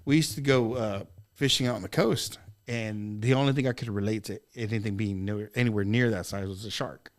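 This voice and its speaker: A man in casual podcast chat, telling a fishing story with lots of profanity and lively acted-out exclamations. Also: fairly low pitch, brisk. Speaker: podcast participant.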